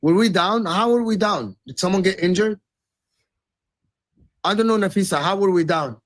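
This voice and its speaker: A man's voice: high-pitched, moderate pace. A man in a casual football chat rants in circles, repeating himself and swearing freely. His tone stays blunt and disbelieving. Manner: ranting, repetitive, sweary. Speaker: football show co-host. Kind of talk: casual ranting banter.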